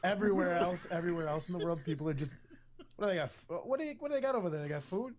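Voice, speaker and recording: Man, a bit high-pitched, sarcastic rambling podcast chat. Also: lively intonation, very fast, crowd noise. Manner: sarcastic, rambling, laughs between lines. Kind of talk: casual chat.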